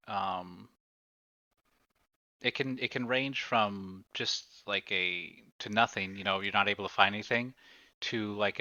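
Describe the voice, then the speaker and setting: A man's voice: fairly low pitch, sharp tone, clean tone, no echo, muffled recording. A man narrating a tabletop game as game master, hesitant and full of fillers.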